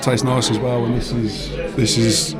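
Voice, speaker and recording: A man's voice: medium pitch, flat delivery, a little slow, crowd noise. A man casually vlogging as he walks around town, rambling and laid-back with the odd swear word. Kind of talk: casual walking vlog. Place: outdoors on town streets and in a car. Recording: street noise behind.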